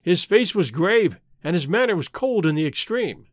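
A man narrating a classic story aloud, expressive and lively, with a fairly high voice that moves a lot. The recording is close and dry, with no room sound. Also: moderate pace, dry recording. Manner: expressive, voices each character. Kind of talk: storybook reading.

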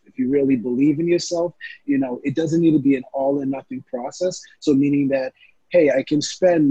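A man's voice: mid-range voice, warm tone, breathy edge, dry recording, lo-fi sound. A man who works as a fitness trainer, answering interview questions in an earnest, casual way with lots of fillers. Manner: earnest, many fillers like um and you know.

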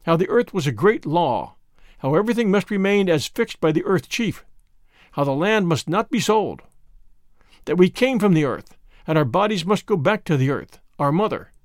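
A man reading a first-person memoir aloud in a measured, plain storytelling manner. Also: high-pitched, big pitch swings, no room sound, studio quality. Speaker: audiobook narrator.

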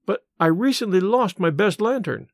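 A man's voice: sits high, lively intonation, normal speed, dry recording, studio quality, pitched above the performer's own voice. A man voicing a proud, cool young woman in a storybook reading, frosty and polite.

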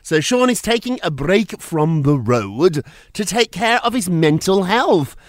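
A man's voice: sits high, very animated, a little slow, no room sound, studio quality. A man with a British accent hosting a gossip podcast in a playful, teasing, theatrical way. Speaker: podcast host. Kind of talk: casual gossip podcast chat.

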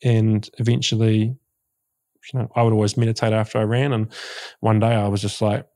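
A man's voice: lowish voice, level tone, fairly quick, mellow. A middle-aged man, a guest on a podcast, telling his story reflectively and leaning on a lot of "you know". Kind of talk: casual interview chat.

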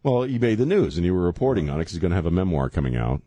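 A man's voice: low-pitched, very animated, racing, mellow, no echo. A man hosting a talk radio show from a studio, joking and sarcastic in a rambling, casual way. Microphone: studio microphone.

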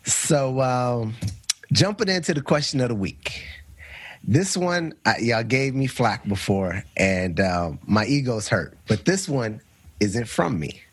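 A man hosts a casual talk show in a relaxed, storytelling way. His voice is mid-pitched with a husky grain. The recording is close and dry. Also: slow, no room sound. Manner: relaxed storyteller who sets up questions for the others. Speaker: podcast host. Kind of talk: casual chat.

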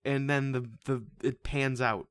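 A man co-hosting a casual movie review podcast, rambling and swearing freely as he retells plots with animated energy. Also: mid-range voice, unhurried, clean tone, dry recording. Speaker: podcast co-host.

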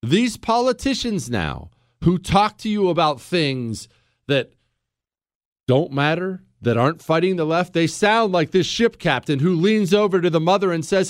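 A male radio talk show host speaks emphatically and jokes at his own expense. His voice is high and swings widely in pitch. The studio sound is dry and close. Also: big pitch swings, a little slow, no room sound. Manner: emphatic, self-deprecating humor, frequent restarts. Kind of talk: animated storytelling and political commentary.

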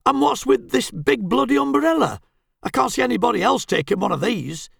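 A man's voice: extremely high pitch, sing-song, fairly quick, creaky, slightly rough, no echo, clean studio sound, voice pushed up, full character voice. A man voicing a grumbling, stingy, middle-aged husband who swears and complains sarcastically.

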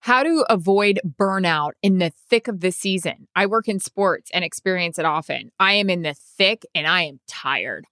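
A woman's voice: mid-range voice, pushed and bright, no echo, clean studio sound. A woman co-hosting a podcast in casual chat, upbeat and gushing, mocking herself. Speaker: podcast co-host.

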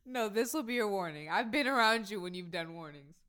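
Bright-voiced supportive woman. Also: medium pitch, expressive, fairly quick. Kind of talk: casual conversation.

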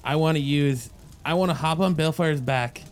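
A man's voice: fairly high pitch, normal speed. A man chatting casually as a player in a tabletop game.

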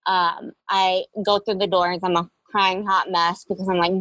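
A woman's voice: fairly low pitch, level tone, measured pace, a bit bright, dry recording, low-quality recording. Young woman guest, candid storyteller, reflective, dry close mic. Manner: candid, reflective, with frequent fillers. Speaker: interview guest. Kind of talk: personal storytelling interview.

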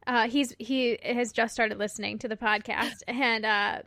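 A woman's voice: on the high side, fairly even intonation, pushed and bright, no room sound. A young woman co-hosting a podcast, chatting casually, laughing easily and getting emotional. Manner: giggly, emotional, quick to laugh. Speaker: podcast co-host. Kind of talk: casual chat.

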